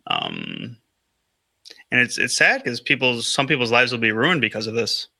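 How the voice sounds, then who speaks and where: A man's voice: medium pitch, huge pitch swings, normal speed, vocal fry, pushed and bright, dry recording. A man co-hosting a podcast in casual chat, rambling and hesitant with lots of fillers and restarts. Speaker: podcast co-host.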